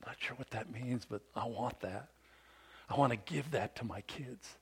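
Middle-aged guy preaching, chatty storyteller, gets loud then drops to a near whisper. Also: medium pitch, normal speed, creaky, slightly rough. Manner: swings from loud, emphatic bursts to hushed, near-whispered lines; conversational, with restarts and storytelling asides. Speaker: pastor. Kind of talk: sermon.

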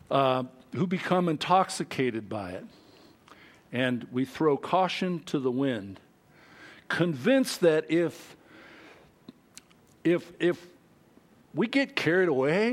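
A middle-aged pastor with a fairly high-pitched voice preaches a sermon, animatedly telling a story from his childhood and swinging between loud and quiet.

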